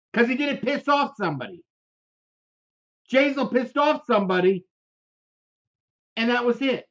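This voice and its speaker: Fiery man ranting on local politics. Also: very high-pitched. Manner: fiery, repetitive, rhetorical questions. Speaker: political commentary co-host. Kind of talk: heated political commentary. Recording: dull lo-fi sound.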